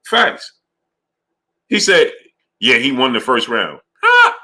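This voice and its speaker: A man's voice: mid-range voice, takes it slowly. A man hosting a live boxing talk stream, arguing heatedly and greeting viewers by name. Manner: animated and heated, greets chat names.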